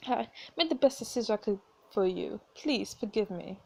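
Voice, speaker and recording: A woman voicing a gentle dying mother who speaks softly and weakly, read aloud from a story game. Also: medium pitch, expressive, moderate pace, creaky. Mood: tender, weak. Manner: soft, faint, pleading.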